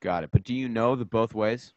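A man's voice: fairly low pitch, a little fast, no room sound. A man co-hosting a casual podcast, teasing his partner in dry banter. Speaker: podcast co-host. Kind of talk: casual chat. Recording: dull dry computer mic.

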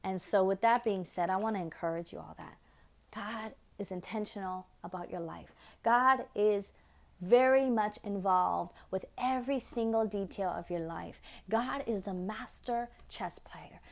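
Earnest woman with a gravelly voice. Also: mid-range voice, unhurried. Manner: earnest, preachy, repeats phrases for emphasis. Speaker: podcast host. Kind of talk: devotional podcast talk.

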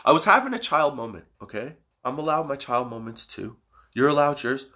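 A man hosting his own podcast, rambling in a casual, profane, self-mocking way after staying up all night high. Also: expressive, fairly quick, pushed and bright. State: sleepless and high. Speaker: podcast host.

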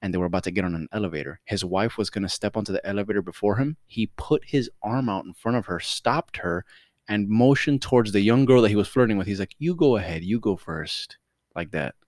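A man's voice: fairly low pitch, fast talker, dry recording, clean studio sound. A man co-hosting a casual podcast, talking with lots of swearing and frequent laughter. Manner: animated, swears a lot, laughs often. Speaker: podcast co-host. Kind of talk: casual chat.

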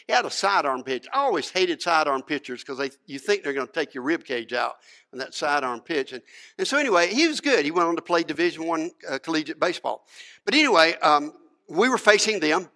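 A middle-aged man preaches in a relaxed, storytelling way, doubling back on his words and dropping in asides. His voice sits a little high and sounds bright and forceful. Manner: folksy, conversational, many restarts and asides. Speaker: pastor. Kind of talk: sermon with personal storytelling.

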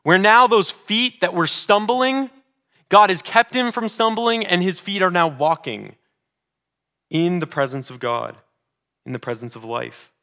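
A man preaching a sermon as pastor, earnest, moving between emphatic declarations and hushed, slower readings of scripture. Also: high voice, creaky. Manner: reads scripture slowly and deliberately.

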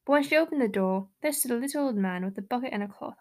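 A woman's voice: mid-range voice, quick pace, few pauses. A young woman co-hosting a podcast, chatting and giggling, then reading a rhyme and a short story aloud. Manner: giggly, animated, reads rhymes and stories aloud. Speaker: podcast co-host. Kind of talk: casual chat and reading aloud.

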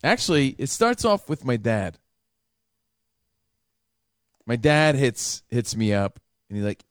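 Man, radio co-host, casual profane banter, lively pitch, dry studio sound. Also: moderate pace, clear, resonant tone, no echo. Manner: animated, profane storytelling banter.

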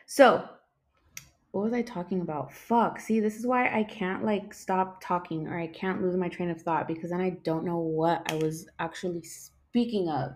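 A woman's voice: lowish voice, moderate pace, darkish tone. A young woman hosting a casual podcast, rambling, swearing a lot, losing her train of thought and yawning as she talks. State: yawning, tired. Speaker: podcast host.

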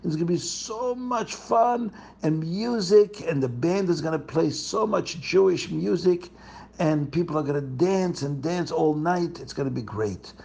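A man voicing a cheerful townsman who gushes with excitement. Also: fairly high pitch, measured pace, gravelly, breathy edge, full character voice. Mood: excited. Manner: excited, gushing.

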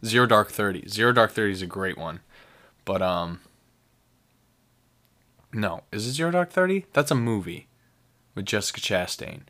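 A man's voice: on the low side, lively intonation, moderate pace, pauses often, a bit bright. A man hosting a casual solo podcast, rambling enthusiastically with many fillers and restarts. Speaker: podcast host.

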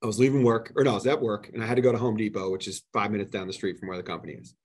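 A man, a podcast guest, telling stories in a casual and animated way. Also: lowish voice, racing, breathy edge. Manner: animated, retells heated exchanges. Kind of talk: casual storytelling.

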